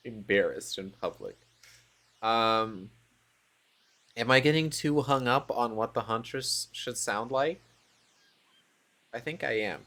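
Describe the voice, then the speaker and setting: A man reads a dating game aloud on a live stream and breaks off into playful, self-mocking asides. His pitch swings widely as he talks, and he takes his time over every line. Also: lively intonation, takes it slowly, pauses often, bright, forceful tone. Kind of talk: reading a dating game aloud while chatting.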